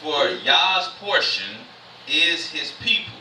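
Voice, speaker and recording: A man giving a casual sermon in church, reading scripture slowly and then explaining it in loose everyday slang. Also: on the high side, expressive, bright, forceful tone, recorded from a distance, slight background noise. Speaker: church speaker. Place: church sanctuary. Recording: echoey church room, mic from afar.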